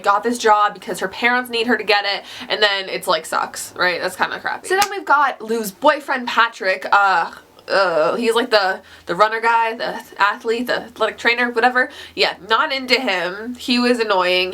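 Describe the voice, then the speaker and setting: A woman's voice: mid-range voice, sharp tone. A young woman talking casually about a book she loved, chatty and gushing, with lots of "like.". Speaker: book vlogger. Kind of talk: casual book review talk.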